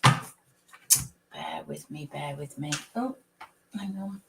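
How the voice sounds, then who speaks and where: Woman, psychic stream host, croaky, casual and chatty, faint background hiss. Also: sits low, animated, drawn-out words. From United Kingdom. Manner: chatty, greets viewers by name, laughs often. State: croaky with a cold coming. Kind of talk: casual live-stream chat.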